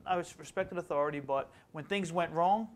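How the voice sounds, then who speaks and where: A middle-aged man from Long Island, an author and educator, telling stories in a quick, animated way as a guest in a casual interview. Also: fairly high pitch, slight background noise. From Long Island, New York. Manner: fast, animated storytelling.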